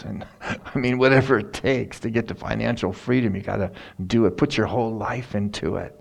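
A man's voice: fairly low pitch, fairly even intonation, a little fast, gravelly. A middle-aged male preacher retelling a Bible story in a folksy, casual sermon.

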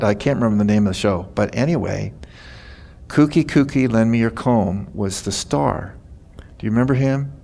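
An older pastor preaches a sermon in a folksy, chatty style, telling stories and laughing at them himself. His voice is fairly low in pitch, gravelly and darkish in tone.

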